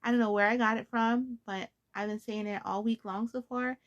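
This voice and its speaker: A woman's voice: on the high side, steady tone, moderate pace, lo-fi sound. Bubbly, giggly woman crochet vlogger. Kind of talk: casual chat to viewers.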